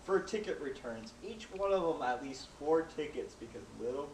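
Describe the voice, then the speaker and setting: A man's voice: a little high, animated, moderate pace, darkish tone, distant mic. A young man in a casual chat, ranting emphatically about customers and rules. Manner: emphatic, complaining. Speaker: co-host, movie theater worker. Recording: echoey room, voice a bit off-mic, faint noise.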